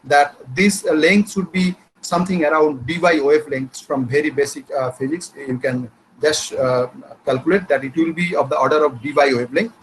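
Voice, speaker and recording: A man with an Indian English accent giving an academic lecture, explaining step by step with frequent pauses and hesitations. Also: a little high, steady tone, a little hiss or hum, low-quality recording.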